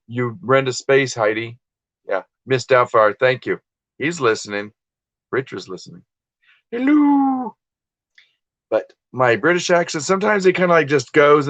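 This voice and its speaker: A man's voice: medium pitch, fairly bright tone, no room sound, lo-fi sound. A man hosting a casual livestream while listing items for sale, rambling and self-deprecating as he chats with viewers. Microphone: desktop computer and phone.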